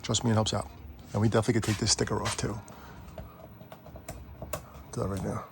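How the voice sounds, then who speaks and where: A man's voice: fairly low pitch, flat delivery, brisk, creaky. A middle-aged man chatting casually and rambling as he walks a camera around his garage arcade. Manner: rambling, chatty, self-interrupting. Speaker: vlogger. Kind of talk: casual walk-through chat.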